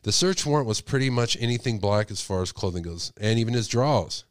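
A man with a cold hosts a casual call-in show, talking briskly and animatedly at a medium pitch. He speculates and fires off lots of rhetorical questions, and the recording is dry.

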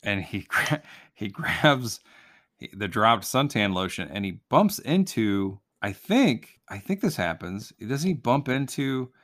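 A man with a bright, forceful voice that sits a little low. He chats casually on a podcast, recapping a film in a loose, rambling way with lots of restarts. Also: big pitch swings, slow pace. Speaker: podcast co-host. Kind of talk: casual movie-review chat.

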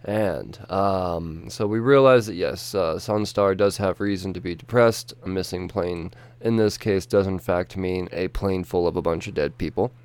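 A man's voice: low-pitched, moderate pace, few pauses, darkish tone, clear, resonant tone, no echo. A young man casually retelling a story in a rambling, profane way, full of fillers and restarts.

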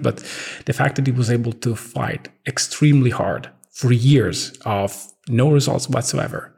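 A man in his thirties with an Italian accent, chatting casually as a podcast co-host, halting with many ums and restarts. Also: medium pitch, vocal fry, darkish tone, husky. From Italy. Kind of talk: casual chat.

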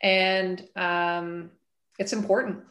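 Earnest woman guest, lots of ums, lower voice. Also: fairly even intonation, slow, fairly bright tone. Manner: earnest, thoughtful, with many fillers. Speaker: guest author. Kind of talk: casual interview chat.

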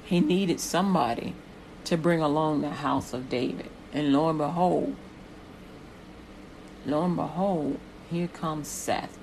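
A woman's voice: deep voice, measured pace, a little mellow, a little hiss or hum, rough recording. A woman preaching a sermon with rhythmic repetitions that build in intensity.

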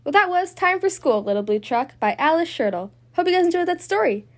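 A woman's voice: very high voice, very animated, brisk. A woman hosting a children's story podcast, reading a picture book aloud in a sing-song storytelling manner.

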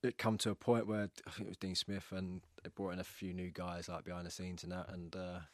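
A man telling stories in a casual podcast interview, animated and swearing, acting out what others said. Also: low-pitched, a little fast, dry recording. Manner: animated storyteller, acts out quoted dialogue, swears. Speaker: guest, retired footballer.

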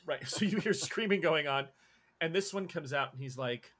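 A man's voice: fairly high pitch, normal speed. A man narrating a tabletop role-playing game as game master. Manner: animated, lively narration.

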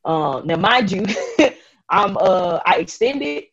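A woman, a rugby player telling stories in a casual interview, animated and laughing often. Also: lowish voice, slow pace, husky. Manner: animated, laughing, slangy storyteller. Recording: dull lo-fi audio.

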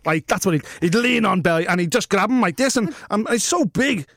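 A man's voice: sits high, lively intonation, brisk, gravelly, fairly bright tone, dry recording, clean studio sound. A man co-hosting a podcast, telling a long rambling anecdote with swearing and laughter. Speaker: podcast co-host. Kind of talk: casual storytelling chat.

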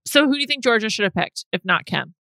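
A woman's voice: fairly high pitch, vocal fry, no room sound. A young woman co-hosting a podcast, chatting casually and laughing easily. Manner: chatty, animated, quick to laugh. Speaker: podcast co-host. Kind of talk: casual chat.

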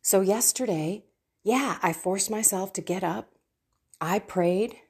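A woman's voice: mid-range voice, takes it slowly, a little mellow, husky. A middle-aged woman hosting a devotional podcast, talking casually and earnestly about her own prayer life and urging her listeners on. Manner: earnest, personal, exhorting listeners. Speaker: podcast host and faith coach.

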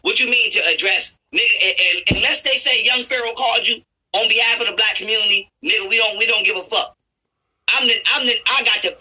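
A man YouTuber in an angry, profane rant, stammering and restarting his words and building up to shouts. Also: sits high, breathy edge, low-quality recording. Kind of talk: angry ranting commentary over a played clip.

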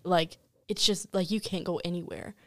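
A woman's voice: fairly low pitch, steady tone, normal speed, fairly bright tone, no room sound, clean studio sound. A woman guest on a podcast, telling a rambling story full of "like" fillers in a casual chat. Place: host's home studio.

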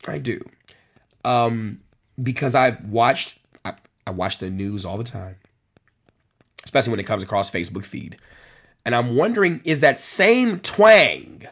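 Husky man hosting a live stream. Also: mid-range voice, sing-song, unhurried, fairly bright tone. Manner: conversational, repeats phrases for emphasis, addresses commenters by name. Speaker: host of a policing talk show. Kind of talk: live-stream commentary reading viewer comments.

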